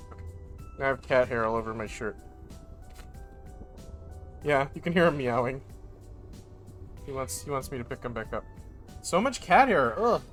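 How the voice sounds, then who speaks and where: A young man rambles through a casual live stream, joking as he goes and slipping into baby talk for his cat. His pitch sits in the middle range, and soft music plays faintly behind him. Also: lively intonation, brisk, long pauses. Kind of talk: casual chat.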